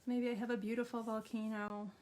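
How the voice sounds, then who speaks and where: A woman art therapist, middle-aged, gently walking viewers through a drawing activity and speaking directly to them. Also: on the high side, little pitch movement, fairly quick, background noise. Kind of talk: instructional art therapy video.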